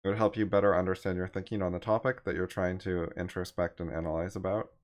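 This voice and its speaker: Deep-voiced man explaining writing. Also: level tone, quick pace.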